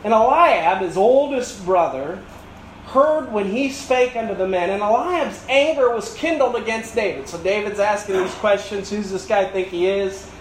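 A man's voice: high voice, expressive, moderate pace, roomy sound, a little hiss or hum, low-quality recording. A male pastor preaching a sermon with emphatic, building repetition and rhetorical questions.

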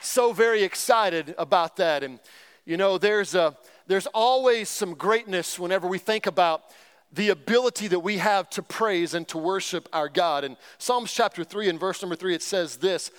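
A man's voice: high-pitched, moderate pace, clear, resonant tone. A man preaching a sermon with energy, calling out to the congregation and telling folksy, humorous stories. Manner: energetic, call-and-response with the congregation. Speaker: pastor.

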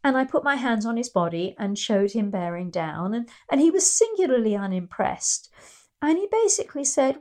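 A woman's voice: fairly high pitch, sing-song, normal speed, mellow. A middle-aged woman and riding teacher giving an instructional talk, explaining ideas through anecdotes. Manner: explanatory, storytelling, acts out quoted voices.

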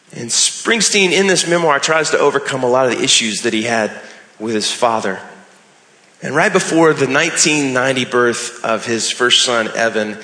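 A man's voice: mid-range voice, pushed and bright. A man preaching a sermon as a pastor, earnest, with emphatic rising phrases. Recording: echoey hall with long reverb.

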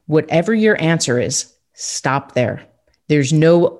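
A woman's voice: low voice, expressive, moderate pace, darkish tone. A woman hosting a motivational podcast, talking in an upbeat, emphatic coaching tone. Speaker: podcast host.

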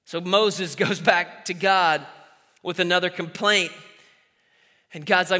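A man's voice: high voice, steady tone, unhurried, pushed and bright. A man in his thirties preaching a sermon, exhorting his listeners and acting out the voices in the stories he tells. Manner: exhorting, call-and-response, acts out quoted voices. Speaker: pastor. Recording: reverberant hall.

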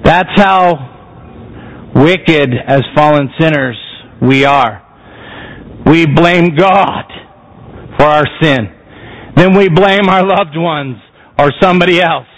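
A man's voice: a little high, slow, pauses often. A man preaching a sermon, emphatic and posing rhetorical questions to the congregation. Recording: muffled lo-fi sound.

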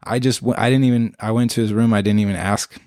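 A man's voice: on the low side, fast, no room sound, studio quality. A man telling a story in casual chat, swearing freely and acting out what people said. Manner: animated, swears freely, acts out quotes.

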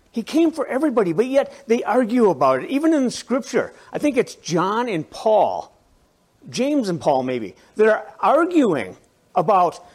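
Male biker-church pastor, casual animated sermon, high voice with big swings in pitch. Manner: animated, conversational preaching with restarts and asides.

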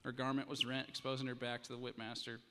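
Male pastor, mid-pitched voice, dramatic storyteller, long echo in the church hall. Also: level tone, quick pace, sharp tone, smooth. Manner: dramatic storytelling, then earnest preaching. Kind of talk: sermon.

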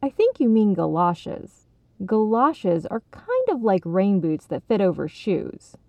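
A woman voicing a kindly father who tells a grand tale in a storybook reading, in a gentle, theatrical manner. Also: fairly low pitch, expressive, measured pace, vocal fry, no echo. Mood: storytelling. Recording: tinny phone-like sound, dry.

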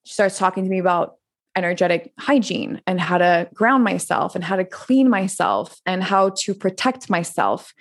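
A woman's voice: on the low side, animated, normal speed. A woman in her thirties from France, a podcast guest telling her story in a candid, chatty way, filling her talk with "like" and swearing freely. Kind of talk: casual interview storytelling.

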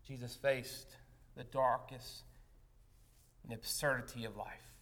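A male pastor delivering a sermon, telling a story with rising intensity and then slowing into quiet, deliberate reflection. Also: mid-range voice, little pitch movement. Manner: dramatic storytelling that swells loud, then drops to a hushed, slow close.

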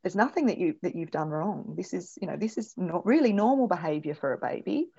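A woman's voice: lowish voice, animated, brisk, creaky, warm tone, breathy edge. A woman speaking as a parenting specialist guest in a podcast interview, thoughtful and full of restarts. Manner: thoughtful, many restarts and fillers. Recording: dull lo-fi recording.

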